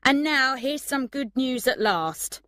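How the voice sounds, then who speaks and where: A woman's voice: high-pitched, animated, takes it slowly, bright, forceful tone, no echo, studio quality, voice pushed up, exaggerated voice. A woman voicing a tired male restaurant manager in a storybook reading. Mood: announcing.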